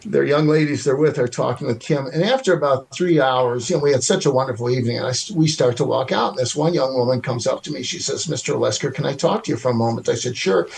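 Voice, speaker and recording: Gravelly, animated older man. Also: mid-range voice, fast, few pauses, a little hiss or hum. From Chicago. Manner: animated, expressive storyteller. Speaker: TV producer and writer, guest. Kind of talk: storytelling interview.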